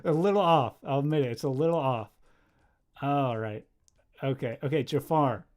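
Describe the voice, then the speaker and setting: A young man chatting casually on a livestream while drawing, rambling and easily distracted, breaking into quick laughs. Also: mid-range voice, a little mellow. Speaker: livestreamer and animator.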